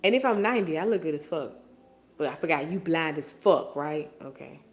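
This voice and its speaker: A woman's voice: low-pitched, lively intonation, fairly quick. A woman in her forties hosting a casual live stream, reading viewer comments and answering them in a playful, teasing and profane way. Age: 40s.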